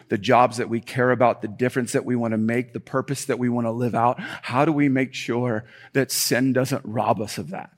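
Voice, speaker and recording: A man delivering a church sermon, animated and emphatic, repeating key points and slipping into casual, joking asides. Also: medium pitch. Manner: animated preaching with emphatic repetition and rising intensity; conversational asides and self-deprecating humor. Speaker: pastor.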